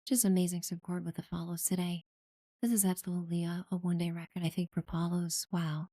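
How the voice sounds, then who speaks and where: Mellow-voiced woman streamer chatting. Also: lowish voice, flat delivery, quick pace, no echo, clean studio sound. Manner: friendly, thanks followers warmly, many fillers. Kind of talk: casual live gameplay chat.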